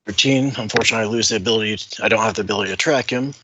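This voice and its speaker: A man playing a tabletop game, quickly adding up damage aloud. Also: lowish voice, noisy background. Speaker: player.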